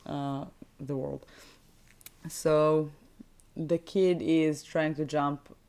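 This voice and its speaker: A woman's voice: deep voice, flat delivery, extremely slow, darkish tone, smooth. A woman co-hosting a casual movie recap podcast. She chats freely, retells scenes and sometimes stops to search for the right English word. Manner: searches for English words, asks how to say them; chatty, retells scenes with laughs. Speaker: podcast co-host.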